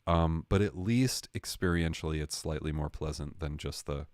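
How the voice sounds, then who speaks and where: Deep-voiced man ranting sarcastically. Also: moderate pace, no echo, studio quality. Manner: rambling, sarcastic, swearing, lively impressions of others. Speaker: livestream host. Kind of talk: casual comedic rant.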